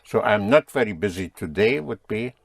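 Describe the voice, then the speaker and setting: A man's voice: lowish voice, animated, normal speed, gravelly, no room sound, clean studio sound. A man teaching a spoken language lesson, patiently drilling and correcting his students.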